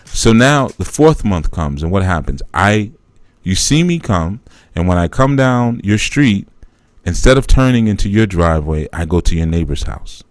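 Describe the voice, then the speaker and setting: A man's voice: low voice, big pitch swings, normal speed, dry recording. A man hosting a live spiritual teaching talk, explaining through a conversational parable that he acts out.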